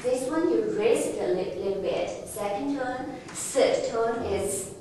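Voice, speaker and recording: A woman teaching a Chinese lesson in a classroom, patient and slow, often laughing and restarting her phrases. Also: a little high, warm tone. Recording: echoey room from far off, faint noise.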